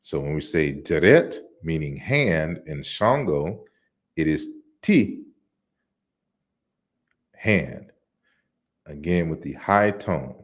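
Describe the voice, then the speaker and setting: A man giving an online lecture on word forms, explaining slides deliberately with frequent restarts. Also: rumbling low, animated. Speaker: lecturer on African languages.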